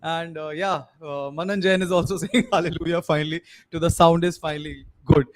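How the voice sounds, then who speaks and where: A man's voice: on the high side, steady tone, a little fast. A young Indian man with an Indian English accent hosting a live sports podcast, rambling with many fillers and slipping into Hindi. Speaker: podcast host. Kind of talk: live-streamed casual sports chat.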